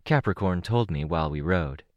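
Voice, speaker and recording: A man's voice: low voice, lively intonation, normal speed, no room sound, dull audio. A man doing a young woman teammate, lightly raised.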